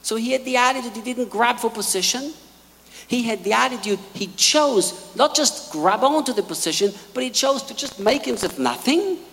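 A man preaching a sermon, telling stories in an animated way and acting out quotes. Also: extremely high pitch, normal speed, creaky, big-room sound, slight background noise.

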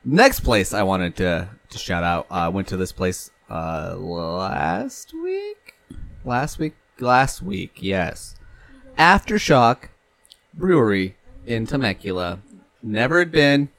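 A laid-back young man from California talks through a casual podcast chat in a somewhat low voice. He rambles, restarts his thoughts and drops the odd swear word. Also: dry recording. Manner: rambling, loose, swears casually, laughs easily. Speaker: podcast co-host.

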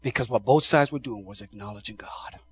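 A man preaching a sermon with passion, swinging from shouts down to hushed tones and often repeating his words. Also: mid-range voice, fairly quick, breathy edge. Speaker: pastor.

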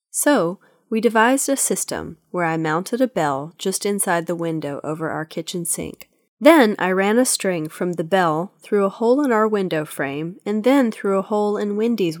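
A woman's voice: on the low side, no echo, clean studio sound. Woman narrating a children's audiobook. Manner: even, storytelling read.

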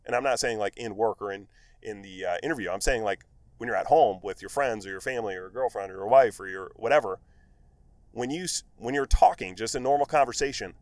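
Male solo podcaster, loose and animated storyteller, mid-pitched voice, recorded dry and close. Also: dry recording. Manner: rambling, filler-heavy, animated storytelling. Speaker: podcast host, medical device rep. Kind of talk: casual solo podcast monologue.

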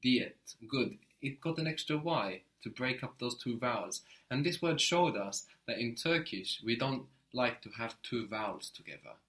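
A man teaching a one-on-one language lesson, explaining patiently and often checking with a quick question. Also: medium pitch, animated, fairly bright tone.

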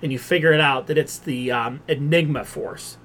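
Animated man recapping a comic, fast "like"s. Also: a little high, a little hiss or hum. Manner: animated retelling with quoted voices, filler "like". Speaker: podcast co-host. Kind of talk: casual chat.

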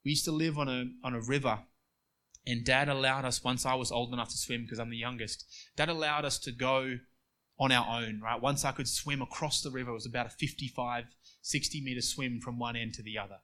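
A man preaching a sermon, moving between quiet storytelling and emphatic passages. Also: medium pitch, steady tone, a little fast.

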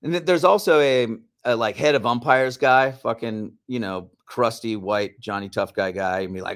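This man co-hosts a podcast and tells a story with heat and plenty of swearing. His voice sits at an ordinary pitch, and he talks in an animated way. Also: moderate pace, few pauses. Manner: profane, animated, heated. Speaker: podcast co-host. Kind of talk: casual storytelling.

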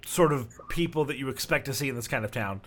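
A man narrating as game master in a tabletop game, describing scenes in a relaxed, rambling way with many fillers. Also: medium pitch, fast talker, a little hiss or hum.

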